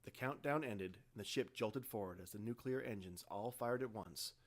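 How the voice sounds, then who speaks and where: A man, the author, reading his own science fiction story aloud in steady, even narration. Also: lowish voice, normal speed. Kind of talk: audiobook narration.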